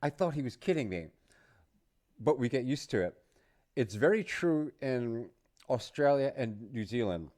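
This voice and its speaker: A middle-aged man from the United States, an English teacher talking through a casual lesson in a relaxed, chatty way with asides. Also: mid-range voice, measured pace, long pauses.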